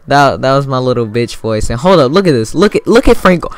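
A young man giving casual, excitable commentary over his own video game match, swearing freely and bursting into sudden yells. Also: mid-range voice, fast talker, few pauses, soft background music. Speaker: gaming YouTuber.

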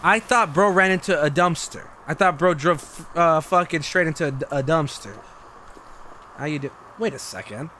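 A young man streaming gameplay commentary, excitable and joking, swearing freely. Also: fairly high pitch, normal speed, slight background noise.

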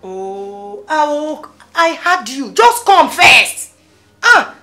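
A woman's voice: high-pitched, very animated, drawn-out words, bright, forceful tone, heavily acted. A soothing Nigerian mother. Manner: soothing, coaxing, insistent. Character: calm older mother comforting her grown daughter. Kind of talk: gospel film acting.

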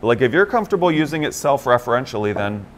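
A man with a mid-range voice co-hosts a morning talk show, chatting casually at a quick pace. He's an animated storyteller who acts out the lines of the people he quotes in other voices.

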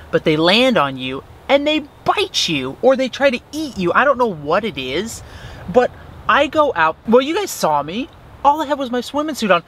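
A chatty young man tells his camera about cooking and bugs at a beach campsite, laughing often. His voice sits fairly high for a man, and a faint outdoor hush runs behind him. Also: a little hiss or hum. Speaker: outdoor adventure vlogger. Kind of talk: casual camp vlog narration.

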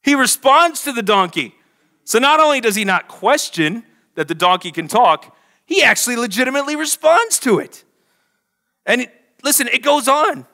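A young adult man preaching a lively sermon, telling a story with big energy and acting out the voices in quotes. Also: very high voice, moderate pace. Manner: animated, acts out voices in quotes. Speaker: pastor.

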